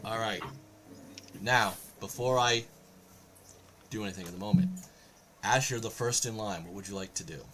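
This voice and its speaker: A man's voice: lowish voice, normal speed, long pauses, background noise. A man narrating a tabletop game session as game master, explaining the scene steadily and often restarting his sentences.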